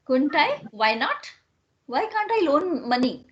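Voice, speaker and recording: A woman's voice: high-pitched, sing-song, measured pace, highs cut off, slight background noise. A woman with an Indian English accent reading the part of a playful, proud young wife in a teasing tone.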